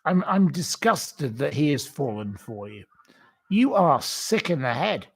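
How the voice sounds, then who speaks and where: A man's voice: fairly high pitch, very animated, measured pace, vocal fry, slightly rough. A man hosting a livestream, reading out viewer comments and ranting bluntly with repeated insults. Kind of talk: casual live-chat rant.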